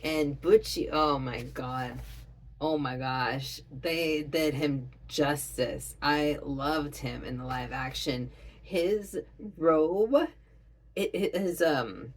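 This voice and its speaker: A woman reacting to an anime episode in casual commentary, gushing like an excitable fan. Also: sits low, slow pace, rough recording.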